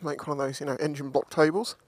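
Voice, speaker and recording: A man's voice: on the high side, fairly even intonation, fast talker, dry recording. A man vlogging a motorbike ride, chatting and joking to himself and his viewers through a helmet mic. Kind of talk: casual running commentary. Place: riding a motorbike on the road, later walking a scrap yard. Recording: loud wind and road noise.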